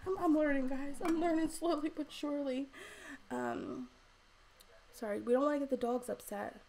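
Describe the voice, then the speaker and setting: A woman's voice: sits high, normal speed, vocal fry, a little mellow. A young woman hosting a casual home livestream at a desk microphone, reading out viewer comments and chatting with lots of fillers and frequent laughs. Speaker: livestream host.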